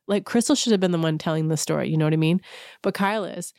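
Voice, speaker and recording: A woman's voice: fairly low pitch, quick pace, warm tone, dry recording, studio quality. A woman hosting a podcast, giving a casual, sarcastic recap and mimicking the people she quotes. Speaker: podcast host.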